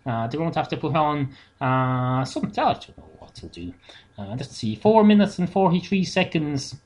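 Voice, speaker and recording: A man from Ireland with an Irish accent, rambling through a deadpan solo comedy monologue with lots of "uh" fillers, recorded at home. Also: on the high side, normal speed. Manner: deadpan, meandering, frequent "uh" fillers. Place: home setup. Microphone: self-recorded into editing software on a computer, no monitoring.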